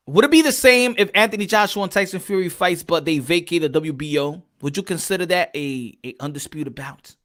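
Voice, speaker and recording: High, bright-voiced hyped boxing host. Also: male voice. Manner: hyped, loud, repeats phrases. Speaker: podcast host. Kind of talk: casual live-stream boxing chat.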